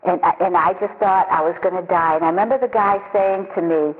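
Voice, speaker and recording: A woman telling her personal recovery story in a halting, confessional way, often repeating her words. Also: on the low side. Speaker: recovery program member sharing her story. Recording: tinny phone-line sound with long echo.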